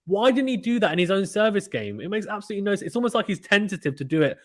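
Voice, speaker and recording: Excitable man calling tennis live. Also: sits high. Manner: fast, animated play-by-play, reads chat aloud. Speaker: live tennis commentator and stream host. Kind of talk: excited casual live commentary.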